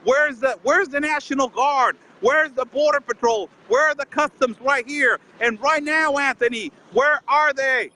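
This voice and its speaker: High, bright-voiced indignant man. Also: unhurried, few pauses, a little hiss or hum, rough recording. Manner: indignant, fires rhetorical questions, keeps addressing the host by name. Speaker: border correspondent calling in. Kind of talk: casual live-stream conversation.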